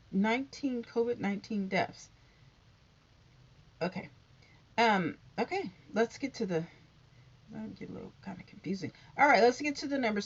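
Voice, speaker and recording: Woman vlogger, lively sing-song delivery, chatty headline reader, muffled lo-fi recording. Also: on the high side. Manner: reads headlines aloud with chatty asides. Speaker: YouTube covid news host. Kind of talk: casual news read-through to viewers. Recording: dull lo-fi sound.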